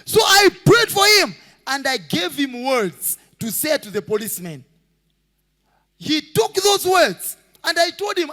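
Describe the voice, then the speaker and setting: A male pastor preaching a sermon with passion, shouting and singing out phrases and acting out the people in his stories. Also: very high-pitched, sing-song, normal speed, in a large hall. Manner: acts out voices of people in stories.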